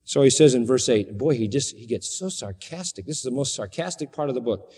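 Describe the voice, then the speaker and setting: A man preaching an expository sermon, emphatic, rising to high sarcastic tones when he quotes. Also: lively intonation, brisk, dark tone, slightly rough. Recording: long hall reverb.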